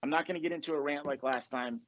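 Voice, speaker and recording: A man chats on a podcast at a quick clip, his voice sitting a little high. He tells his stories with energy, laughs often and slips into the voices of the people he quotes. The sound is muffled and lo-fi, as if from earphones on a call. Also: crowd noise. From Virginia. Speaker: podcast host. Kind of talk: casual storytelling chat.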